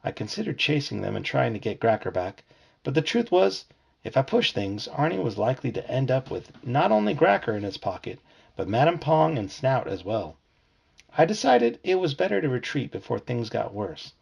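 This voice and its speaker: Gravelly man reading a storybook aloud. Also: medium pitch, normal speed, highs cut off. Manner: expressive storytelling. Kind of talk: reading a children's book aloud.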